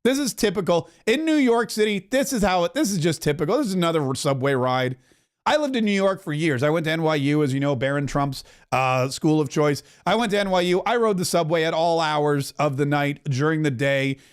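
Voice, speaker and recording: Male podcast host, bright high pitch, loose comic commentary with rambling asides. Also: expressive, a little fast, clean tone. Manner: joking, rambling, chuckling asides.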